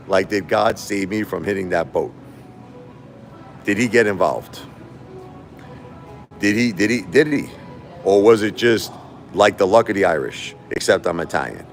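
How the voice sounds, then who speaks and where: A man's voice: on the low side, expressive, a little slow, long pauses, faint music behind. A middle-aged man, hosting a live stream and telling rambling stories, repeating himself and laughing often. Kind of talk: casual live-stream storytelling.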